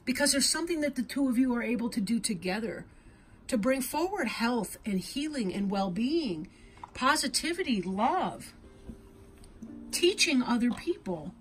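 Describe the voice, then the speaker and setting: A woman's voice: fairly high pitch, sing-song, moderate pace, faint music behind. A woman giving an intuitive tarot reading to her viewers, talking in an earnest, heartfelt way and often checking in with "right?". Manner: earnest, emotional, tag questions like "right?". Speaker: tarot reader.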